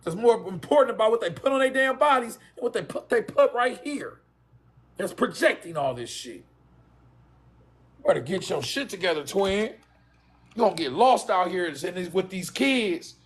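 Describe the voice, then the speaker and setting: A man hosting a livestream, talking in a blunt, profane, animated rant. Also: high-pitched, normal speed. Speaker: livestream host. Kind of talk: casual ranting livestream.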